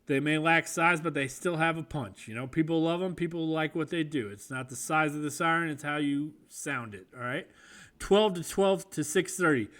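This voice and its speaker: A man's voice: a little high, normal speed, a bit bright. A man from the American Midwest co-hosting a comedic podcast, riffing profanely and slipping into silly put-on voices. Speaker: podcast co-host. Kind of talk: comedic casual chat.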